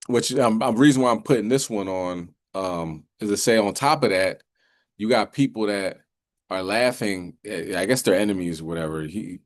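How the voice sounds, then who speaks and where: A man hosting a religious commentary, talking loosely with many fillers and reading scripture slowly and solemnly. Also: low-pitched, no room sound, studio quality.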